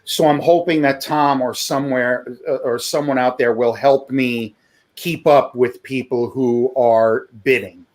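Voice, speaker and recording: A man's voice: mid-range voice, fairly even intonation, unhurried, a little mellow. A man hosting a charity livestream auction, chatting casually, laughing often and calling out bids.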